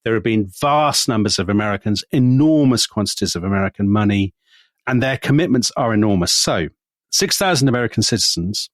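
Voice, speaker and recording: A man co-hosting a podcast, telling history in a lively conversational way and dropping his voice to quote people. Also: brisk, no echo, studio quality. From Britain. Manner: animated, quotes figures in lowered voice. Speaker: podcast co-host.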